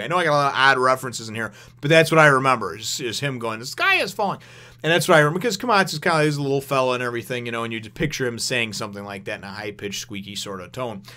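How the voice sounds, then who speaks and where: A fast-talking man giving a loose, rambling manga review, with cusses and laughs sprinkled through. His voice is bright and forward, at a middle pitch for a man. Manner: rambling, profane, laughs often.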